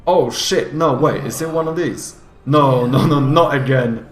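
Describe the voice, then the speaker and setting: A male game streamer talking casually through his play on a live stream. He is excitable and profane, and often breaks into laughter. Faint music plays under his voice. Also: medium pitch, a little slow.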